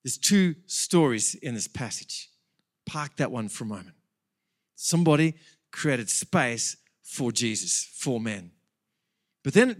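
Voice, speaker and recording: A man preaching a sermon in a church, telling a Bible story with animated, chatty asides. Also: on the high side. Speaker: pastor.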